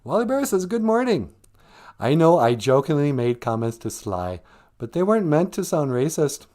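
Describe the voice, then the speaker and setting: A woman chatting playfully beside her partner on a live stream, with a giggly, high way of talking. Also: sing-song, moderate pace, mellow. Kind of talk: casual live-stream chat.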